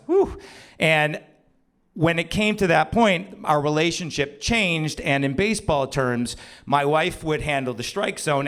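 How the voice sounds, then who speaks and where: A middle-aged man telling a self-deprecating comic story on stage at a small live venue. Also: medium pitch. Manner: animated, self-deprecating, voices others in quick bursts.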